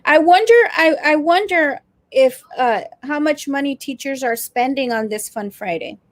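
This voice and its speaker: A woman's voice: sits high, normal speed, no room sound. A woman co-hosting a casual teachers' talk stream, chatty, often reading out viewer comments. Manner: chatty, reads comments aloud. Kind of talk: casual chat.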